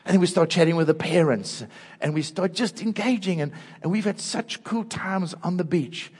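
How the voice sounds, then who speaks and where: An older man with a South African accent, preaching an earnest sermon through personal stories and dropping soft and low at tender moments. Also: moderate pace, breathy edge. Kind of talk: storytelling sermon. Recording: long hall reverb.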